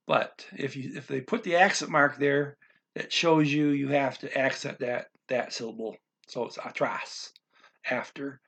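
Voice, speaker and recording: A man teaching a language lesson, going through a text word by word in a halting, explanatory way with many pauses and restarts. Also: medium pitch, fairly even intonation, gravelly, fairly bright tone. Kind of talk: casual language lesson walkthrough.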